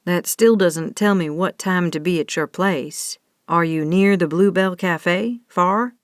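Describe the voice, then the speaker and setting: A stubborn young cowboy speaks plainly and bluntly, with a slow drawl, as a woman narrator puts him on. The voice sits a little lower than her own. It is recorded dry and close, like a storybook read aloud. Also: dry recording, lightly acted. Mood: impatient. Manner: plain, matter-of-fact drawl.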